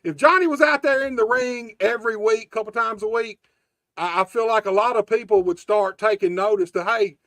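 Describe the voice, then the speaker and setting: A man's voice: sits high, a little fast, fairly bright tone, no room sound, clean studio sound. A man, hosting a casual wrestling podcast chat in a loose, profane, laid-back way. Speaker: podcast host.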